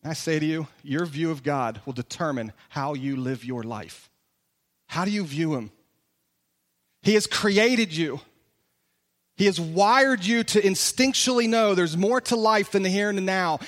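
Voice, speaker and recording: High-voiced pastor in a reverberant church. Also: male voice, measured pace, a bit bright. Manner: conversational and emphatic, full of direct rhetorical questions. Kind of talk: sermon. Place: large church hall. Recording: long reverb of a large church hall.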